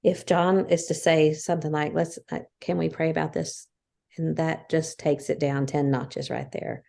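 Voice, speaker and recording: A woman's voice: deep voice, little pitch movement, normal speed, gravelly, mellow. A woman in her fifties co-hosting a casual faith podcast, earnestly explaining her points one by one. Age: 50s. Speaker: podcast co-host.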